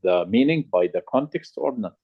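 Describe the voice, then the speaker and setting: A man asking questions in a casual online group discussion, halting often with "uh" as he searches for words, heard over a video call. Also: mid-range voice, animated, slightly rough, phone-quality sound. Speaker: discussion participant.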